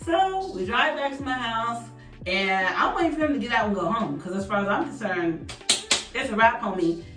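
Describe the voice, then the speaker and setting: A woman's voice: fairly high pitch, normal speed. Young woman w/ black chatting thru her makeup routine, lotsa y'all, echoey room, bit far from the mic. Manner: chatty, animated, addresses viewers as y'all. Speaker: beauty vlogger. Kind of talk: casual storytime chat while doing makeup. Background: faint background music.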